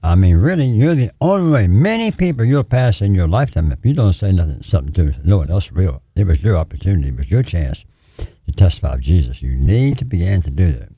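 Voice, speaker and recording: A preacher man with a deep, husky voice and a dark, gravelly tone. He pleads earnestly, repeats his phrases for emphasis, and swings widely in pitch. The sound is dry and close. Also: big pitch swings, brisk, no room sound. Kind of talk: call-in ministry sermon.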